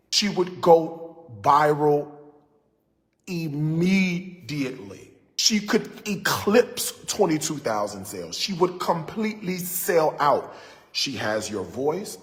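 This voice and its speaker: A man's voice: fairly high pitch, in a large hall. A man giving impassioned commentary on a livestream, emphatic and preachy, repeating his key points for effect. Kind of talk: impassioned social media commentary.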